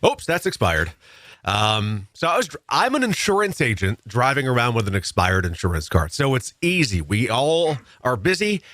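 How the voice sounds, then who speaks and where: A man working as an insurance agent speaks on morning radio in an earnest, chatty way as he gives advice. His voice sits at a middle pitch and sounds dry and close on a studio microphone. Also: big pitch swings, normal speed, a bit bright, no room sound. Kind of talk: casual radio chat.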